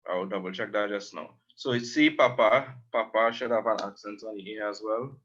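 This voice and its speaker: A man teaching a language lesson, slowly explaining words and repeating them. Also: on the low side, a bit bright, muffled recording.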